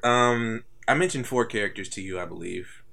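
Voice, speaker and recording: A man's voice: mid-range voice, brisk, creaky, pushed and bright. A young man co-hosting a casual podcast, laid-back and swearing freely. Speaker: podcast co-host. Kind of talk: casual chat.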